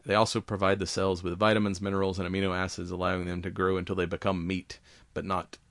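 A man's voice: low-pitched, little pitch movement, fast, no room sound. A man co-hosting a casual podcast, reading science news in a rambling way with lots of fillers, swearing and laughs.

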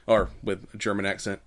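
A man's voice: fairly low pitch, a bit bright. Laughing man recapping a film. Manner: laughs often, retells scenes doing quick quoted voices. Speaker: podcast co-host. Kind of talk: casual podcast chat recapping a movie.

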